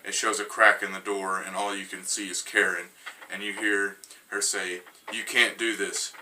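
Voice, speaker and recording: A man's voice: low voice, completely flat delivery, moderate pace, bright, forceful tone, recorded from a distance, slight background noise, poor audio. A man reading his own creepy story in the first person, stumbling and restarting on some words.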